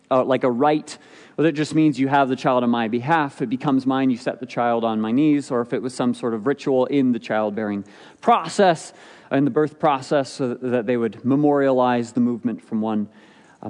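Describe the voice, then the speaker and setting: A man's voice: fairly high pitch, darkish tone. A man preaching a sermon, explaining a scripture passage with rhetorical questions and acted-out quotes. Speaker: pastor. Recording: long hall reverb.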